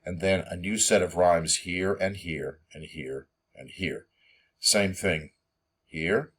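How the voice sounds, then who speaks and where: A man giving a poetry lesson, reading verse slowly and filling his explanations with ums and uhs. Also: sits low, breathy edge. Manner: hesitant, many ums and uhs; slow, measured reading of verse. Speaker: teacher. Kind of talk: poetry lecture.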